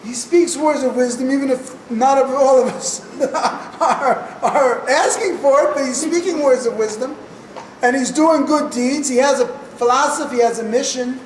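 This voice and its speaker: A man's voice: extremely high pitch, normal speed, a little hiss or hum. A man telling a personal story to an audience, in short punchy sentences with wry humor. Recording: echoey room picked up from a distance.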